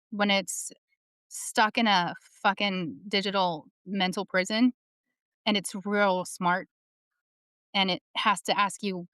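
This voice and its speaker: A woman's voice: medium pitch, clean tone, no room sound, studio quality. A woman in her thirties talking candidly and animatedly in a casual discussion, telling stories and swearing freely. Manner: candid, profane, animated storytelling. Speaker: panel speaker.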